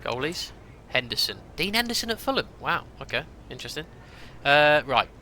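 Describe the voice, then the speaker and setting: A man's voice: fairly high pitch, sing-song, moderate pace, bright, forceful tone, slight background noise. A young man chatting to his viewers as he streams a football management game, thinking aloud, ranting and reacting as he goes. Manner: chatty, talks to viewers, rants and exclaims. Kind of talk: casual gameplay commentary.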